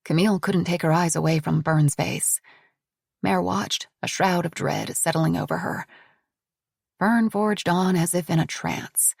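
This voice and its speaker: A woman's voice: fairly low pitch, unhurried, vocal fry, darkish tone, husky, no room sound, studio quality. Woman narrating a tense thriller audiobook. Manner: dramatic, tense storytelling.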